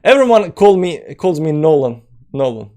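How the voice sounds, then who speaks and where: Male streamer, Balkan accent, slightly high pitch, loose rambling delivery while answering chat. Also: big pitch swings, moderate pace, darkish tone. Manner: rambling, filler-heavy, reads comments aloud and answers. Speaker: crypto channel host. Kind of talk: live-stream chat reading.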